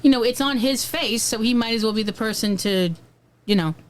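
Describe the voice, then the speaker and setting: A woman co-hosting a podcast, talking through an old film in a loose, chatty way. She is frank and lively and often breaks into asides. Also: on the high side, a little fast. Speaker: podcast co-host. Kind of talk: casual film review chat.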